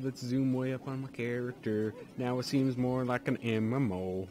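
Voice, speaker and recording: A man's voice: medium pitch, steady tone, moderate pace, dark tone, faint music behind. A man giving goofy, rambling commentary while playing a video game. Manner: goofy, rambling, lots of ums. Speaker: let's play host. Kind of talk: casual gameplay commentary.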